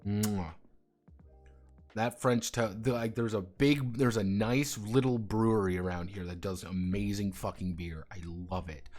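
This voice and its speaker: A man streaming live, chatting casually and ranting with lots of swearing and jokes. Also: fairly low pitch. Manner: profane, ranting, jokey.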